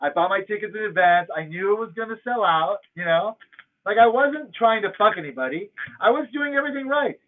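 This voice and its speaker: Through tinny, phone-quality sound, a man streaming from home launches into a profane, emphatic, casual story rant. His voice sits high, with lively intonation and a quick pace.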